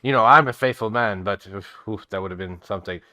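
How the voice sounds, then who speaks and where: A man's voice: on the low side, fast talker, bright, forceful tone. A man voicing a friendly, easygoing adult male townsman who is chatty and grateful.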